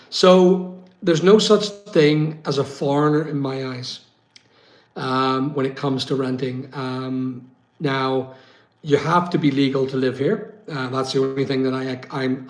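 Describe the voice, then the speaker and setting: A man's voice: mid-range voice, echoey room. A man from West London hosting a casual live chat, reading out viewer comments and answering them with plenty of ums. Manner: chatty, reads out comments, many ums.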